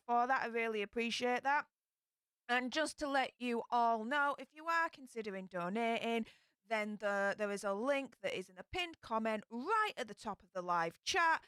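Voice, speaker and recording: A woman's voice: on the high side, a bit bright, smooth, no echo, clean studio sound. A young woman with a Yorkshire accent chatting casually on a live stream, greeting viewers by name. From England.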